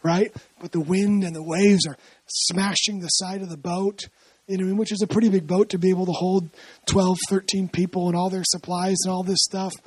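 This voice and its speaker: In a chatty sermon built on storytelling, a preacher with a husky, mid-range voice and flat delivery walks through scripture at a moderate pace. He frequently asks rhetorical questions to check in with the listener, heard in a dry, close recording without room echo.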